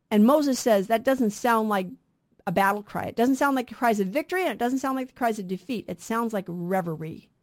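Middle-aged woman radio Bible teacher, earnest, slightly high voice, poses questions to listeners. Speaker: radio Bible show co-host.

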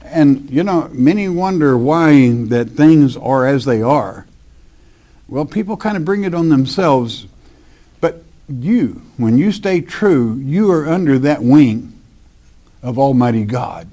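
A man's voice: medium pitch, expressive, slow, mellow. A man preaching a verse-by-verse Bible teaching, reading scripture aloud and explaining it emphatically in plain words with asides.

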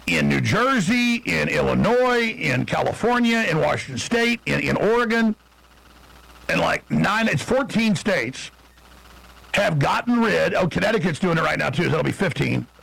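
A middle-aged man hosting a radio talk show, delivering a rambling, indignant political monologue with quick asides. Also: a little high, expressive, gravelly, a bit bright, slightly rough, no room sound, rough recording.

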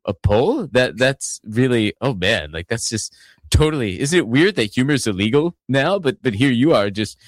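Man impersonating a drawling male tycoon: slight accent, slow halting cadence, dry close sound. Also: mid-range voice, lively intonation, no echo, natural voice. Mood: incredulous. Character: slow-drawling adult male tech mogul, mildly accented.

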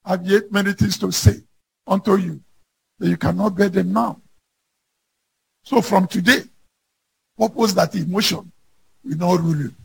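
Gravelly high-voiced preacher man. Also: steady tone, moderate pace, long pauses, a little hiss or hum. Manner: rises to shouting emphasis on scripture. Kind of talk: sermon.

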